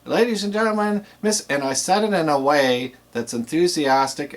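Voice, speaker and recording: A middle-aged man, a professional DJ, explaining the trade in a plain, steady teaching voice with frequent pauses. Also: mid-range voice. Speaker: professional DJ and instructor. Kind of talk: instructional explanation.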